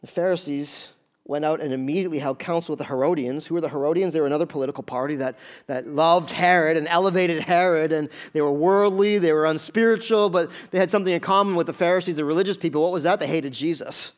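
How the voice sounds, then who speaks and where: A man's voice: fairly high pitch, fast. A man preaching a sermon in a church, talking conversationally and often asking the congregation questions. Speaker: pastor.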